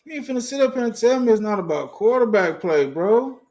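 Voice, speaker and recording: A man's voice: high voice, brisk. A man hosting a fan livestream, ranting profanely in heavy slang, laughing often and reading chat comments aloud. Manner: profane, animated, laughs often, restarts a lot; heavy slang, talks straight to viewers. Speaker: sports fan livestream host.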